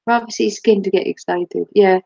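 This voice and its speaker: A woman's voice: medium pitch, fairly even intonation, normal speed, creaky, dark tone, muffled recording. A woman chatting casually on her live stream, giggling often and swearing freely. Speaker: livestreamer.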